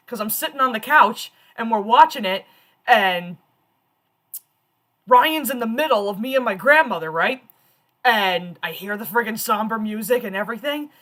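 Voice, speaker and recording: A woman in her thirties hosting a casual stream, telling stories in an animated, chatty way. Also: a little high. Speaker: streamer host.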